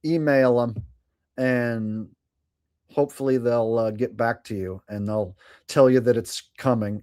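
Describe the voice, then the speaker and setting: A man's voice: medium pitch, no room sound, clean studio sound. A man hosting a live stream, chatting casually and sarcastically, swearing freely and laughing at his own jokes.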